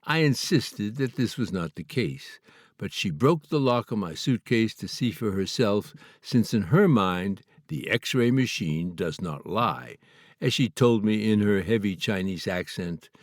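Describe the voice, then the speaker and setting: A man from Canada reading his own memoir aloud in a measured, earnest, slightly formal way. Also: lowish voice, expressive, no room sound, studio quality. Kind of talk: memoir audiobook narration.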